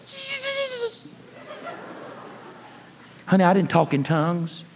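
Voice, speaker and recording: A man preaching a sermon, telling a story in a folksy manner, calling listeners honey and rising to shouted praise. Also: a little high, measured pace, a little hiss or hum. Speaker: evangelist. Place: church. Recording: long reverb of a church hall.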